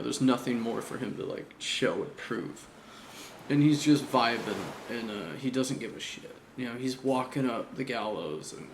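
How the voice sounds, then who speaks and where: A man's voice: mid-range voice, vocal fry. A man recapping an anime chapter in a casual, slangy, profane chat, laughing often. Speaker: anime reviewer. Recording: echoey room with faint hum.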